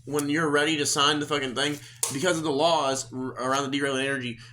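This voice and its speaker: Fast-talking, cursing Oklahoma man. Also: a little high, flat delivery, sharp tone, a little hiss or hum. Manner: profane, rambling storytelling. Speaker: podcast host. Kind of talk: casual chat.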